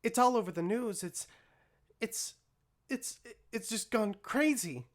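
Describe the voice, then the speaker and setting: A man voicing a panicked young woman who stammers and rushes her words. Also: sits high, pitched above the performer's own voice. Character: frantic young woman, panicked herd member.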